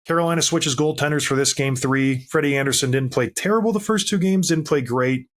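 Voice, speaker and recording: A man's voice: a little high, brisk. A man co-hosting a sports podcast, telling stories in an emphatic, fired-up way during casual chat. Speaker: podcast co-host.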